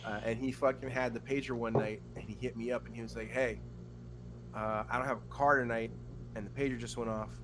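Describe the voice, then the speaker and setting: A man's voice: medium pitch, fairly quick, slight background noise. A man casually telling a long story on a podcast, swearing often and rambling, with lots of fillers and quoted voices. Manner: profane, rambling, animated when acting out quotes. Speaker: podcast co-host.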